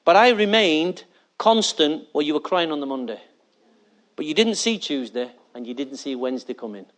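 A man's voice: mid-range voice, lively intonation, a little fast. A male pastor preaching a sermon, emphatic and often asking the congregation for agreement.

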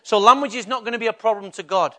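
An older man with a Mancunian accent, a pastor preaching a lively sermon and putting questions to the congregation in church. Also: high-pitched, fast.

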